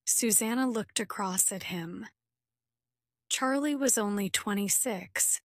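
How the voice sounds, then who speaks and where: Slow, dry-voiced woman reading a story. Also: medium pitch, no echo. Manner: slow, carefully clear reading for learners. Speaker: narrator. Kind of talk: graded reader story narration.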